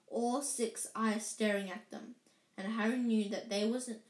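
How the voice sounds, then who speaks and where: Lady reading a kids' novel out loud, a bit high voiced, stretches out the scary bits. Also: steady tone, echoey room, rough recording. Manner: slows down and lingers over vivid details. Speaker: reader. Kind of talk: reading a children's novel aloud.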